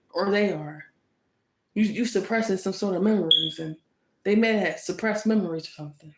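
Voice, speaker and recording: A woman giving a casual tarot reading, sassy and teasing, laughing often and repeating lines for emphasis. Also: medium pitch. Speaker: tarot reader. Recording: roomy echo.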